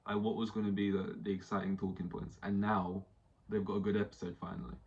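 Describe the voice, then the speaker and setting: Male podcast host, casual animated rant, slightly low voice, dull lo-fi mic. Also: quick pace. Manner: animated, does mock voices for quotes.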